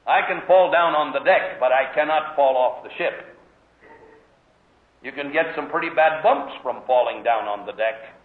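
A man's voice: mid-range voice, normal speed. A middle-aged man preaching a sermon, telling stories with emphatic rhetorical questions. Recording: tinny, echoey old sermon recording.

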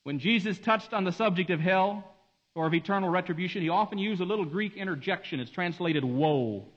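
A man preaching a sermon, swinging between hushed, slow passages and emphatic, rising delivery. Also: sits high. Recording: dull lo-fi recording.

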